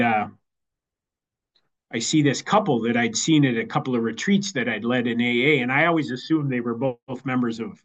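A man giving a personal recovery share as the keynote speaker, halting and repeating words as he goes. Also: mid-range voice, a bit bright, highs cut off. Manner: halting, repeats words while finding them. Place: online meeting.

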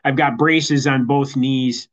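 A man giving a personal recovery share as the keynote speaker, halting and repeating words as he goes. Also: mid-range voice, steady tone, dull audio. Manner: halting, repeats words while finding them. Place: online meeting.

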